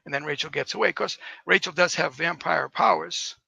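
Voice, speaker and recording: Gravelly, forceful-sounding man. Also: fairly high pitch, moderate pace, no echo, low-quality recording. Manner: rambling, enthusiastic storytelling. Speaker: author, interview guest. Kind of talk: casual interview.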